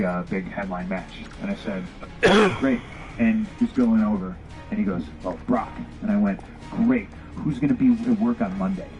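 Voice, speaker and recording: A man's voice: lowish voice, darkish tone, highs cut off. A man telling a story bluntly with lots of swearing, acting out both sides of old conversations. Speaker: former pro wrestler telling a story. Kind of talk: casual candid storytelling.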